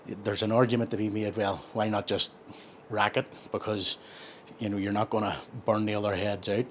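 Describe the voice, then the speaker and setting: A gym vlogger chats casually between sets, rambling through his explanations and correcting himself plenty. His fairly low voice has little pitch movement and a normal speed, with a little hiss or hum on the recording.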